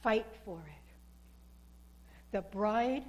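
High-voiced fervent woman preacher. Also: unhurried, a bit bright. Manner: fervent, repetitive pleading. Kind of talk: sermon.

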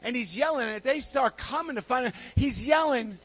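High, bright-voiced fervent preacher man. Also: animated, moderate pace, hardly any pauses, slightly rough, dry recording, highs cut off. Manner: fervent storytelling preacher, repeats phrases, calls to congregation. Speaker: pastor. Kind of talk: sermon with altar call. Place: church sanctuary.

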